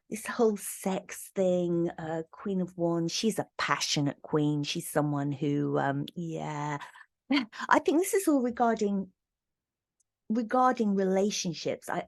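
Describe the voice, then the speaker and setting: A woman's voice: medium pitch, darkish tone. A middle-aged woman, chatting casually through a tarot reading with many fillers and restarts. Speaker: tarot reader.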